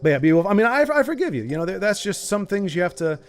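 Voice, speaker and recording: Animated joking male game streamer. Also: high voice, fast talker. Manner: joking, rambling, chats with viewers. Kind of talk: casual live-stream chat.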